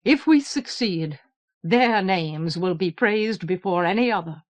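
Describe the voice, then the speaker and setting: A woman voicing a brisk, commanding male king in an audiobook, giving orders. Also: on the low side, expressive.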